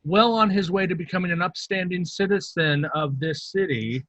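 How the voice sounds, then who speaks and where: A man playing in a tabletop game who speaks politely and haltingly in character. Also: sits high, fairly bright tone, no room sound. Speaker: player. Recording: dull lo-fi sound.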